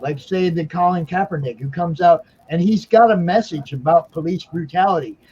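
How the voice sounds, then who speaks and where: A man with a high, husky voice who makes his points emphatically and keeps checking in with "okay?". The recording sounds dull and lo-fi. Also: normal speed, dark tone. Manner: emphatic, lecturing, repeats "okay?". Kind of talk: casual chat.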